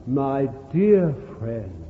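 Fiery preacher guy shouting out to the pews, voice swoops all over, tinny old tape sound. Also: mid-range voice, sing-song, drawn-out words, a little hiss or hum. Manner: fervent, exclamatory, calls out to the congregation. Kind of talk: sermon. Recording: echoey hall, tinny lo-fi line.

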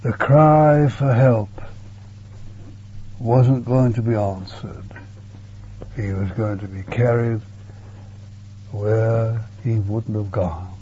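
Slow mellow-voiced male preacher. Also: lowish voice. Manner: earnest, repeats words, sometimes drops to a hush. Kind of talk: sermon. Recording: dull lo-fi recording with faint hum.

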